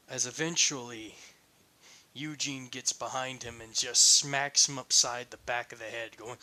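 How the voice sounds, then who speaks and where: A man reads his own fan fiction aloud in a casual, unpolished way. He speaks slowly, and his voice is bright and forceful. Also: medium pitch, steady tone, poor audio. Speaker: narrator.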